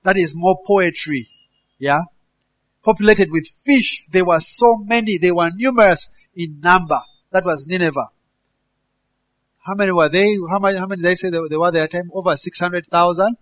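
A man preaching a sermon, animated, breaking into shouted quoted commands and laughing between verses. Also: sits high, normal speed, dry recording.

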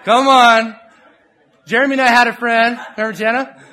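A middle-aged man preaching from the pulpit, his voice unusually high and bright with a sharp edge. He talks in an animated, playful way, jumping into other people's voices and laughs as he tells his stories. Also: normal speed. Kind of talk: sermon.

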